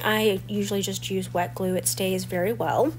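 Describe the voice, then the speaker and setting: A woman's voice: medium pitch, fairly even intonation, normal speed. A woman in her forties with a stuffy, slightly crackly voice from a cold, chatting through the steps of a scrapbooking tutorial. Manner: chatty and explanatory, walking through each step. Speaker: scrapbooking channel host. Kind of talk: crafting tutorial voice-over.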